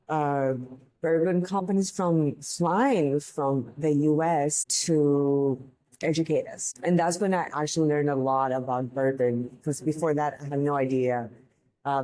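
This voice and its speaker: A woman's voice: deep voice, warm tone, low-quality recording. A young woman hosting a podcast, chatting casually and rambling through funny bartending stories, laughing at her own tales. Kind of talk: casual storytelling monologue.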